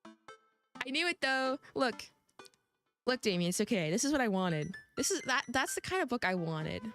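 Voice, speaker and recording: A woman's voice: fairly high pitch, big pitch swings, moderate pace, a bit bright. Giggly young woman streamer, rambling. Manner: giggly, rambling, self-teasing. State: coughing. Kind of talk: casual let's-play chat. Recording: faint music behind.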